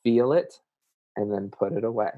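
A man's voice: fairly low pitch, moderate pace, no room sound, narrow, tinny audio. A man with a Southern US accent, speaking earnestly and emotionally as a guest, sharing vivid personal examples. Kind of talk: candid conversation about emotions.

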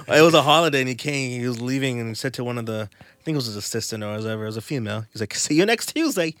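A man's voice: mid-range voice, fairly even intonation, racing, fairly bright tone, dry recording. A young man in casual chat who laughs a lot and stumbles over his words.

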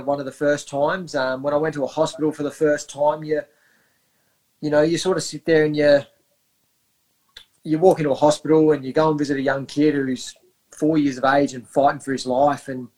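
A man's voice: fairly high pitch, steady tone, moderate pace, a little mellow. An Australian man in his thirties, a guest on a podcast, talking earnestly and reflectively with many fillers and restarts. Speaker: podcast guest, wellbeing coach. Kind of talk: casual interview chat.

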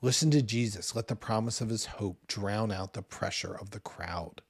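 A man in his forties preaching a sermon in a conversational, animated way, with loud bursts when he acts out what people say. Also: fairly low pitch, moderate pace, slightly rough, no room sound. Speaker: pastor.

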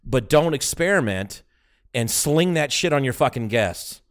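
A man's voice: medium pitch, lively intonation, measured pace. A man co-hosting a casual podcast, chiming in with blunt, profane jokes. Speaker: podcast co-host. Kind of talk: casual chat.

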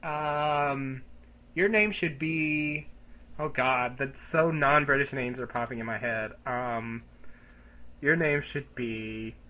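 Slow-talking bright young man. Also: medium pitch. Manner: slow, self-deprecating, with frequent stalls and giggles. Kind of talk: casual improv chat.

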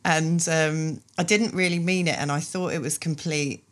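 A woman's voice: deep voice, steady tone, moderate pace. A woman hosting a podcast, chatting candidly and expressively with her guest. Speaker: podcast host. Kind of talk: casual interview chat.

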